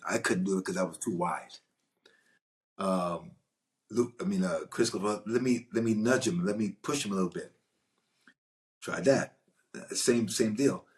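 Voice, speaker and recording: A man, an actor, telling stories from a film shoot in a casual, animated way, often restarting his sentences. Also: low voice. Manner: animated, rambling, frequent restarts. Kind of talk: casual anecdotal storytelling.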